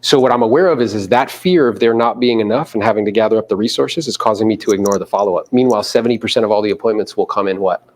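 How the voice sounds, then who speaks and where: A man's voice: on the low side, racing, few pauses. A man giving a live motivational seminar to a room of agents, quizzing the audience and mimicking people in playful voices. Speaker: real estate coach speaking to agents.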